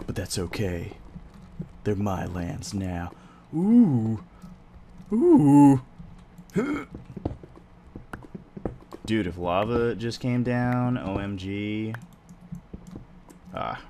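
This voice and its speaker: Low, slow man doing gameplay commentary. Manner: excitable, swears casually, talks to himself. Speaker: let's play host. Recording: clear background noise.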